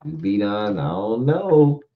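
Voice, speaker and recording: A man co-hosting a casual chat show, telling stories and getting animated when he quotes other people. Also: fairly low pitch, slow, very noisy. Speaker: co-host. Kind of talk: casual chat about current events. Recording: dull lo-fi sound.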